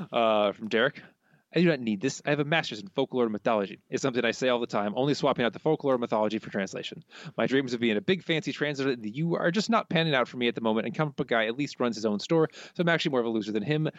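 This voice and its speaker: A man's voice: mid-range voice, no echo, highs cut off. A man co-hosting a podcast, reading listener quotes in casual chat, amused and often laughing. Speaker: podcast co-host.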